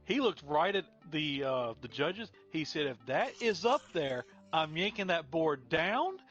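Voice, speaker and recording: A man's voice: on the high side, very animated, measured pace, a bit bright, highs cut off, soft background music. A man on a casual podcast, telling funny stories with energy and laughing at his own punchlines. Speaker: podcast co-host.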